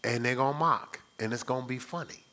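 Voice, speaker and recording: A man's voice: medium pitch, fairly quick, bright, forceful tone. A male pastor preaching a live church sermon in a conversational way, often checking in with the congregation. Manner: conversational, rhetorical, checks in with "right?".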